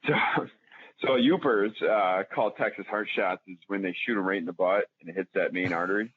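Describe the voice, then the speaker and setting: A man's voice: low-pitched, a little fast, a little hiss or hum. A man telling hunting stories as a podcast guest in a rambling, casual way, with lots of fillers and restarts. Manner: rambling, many restarts and fillers, animated when retelling. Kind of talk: casual storytelling. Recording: tinny phone-line audio.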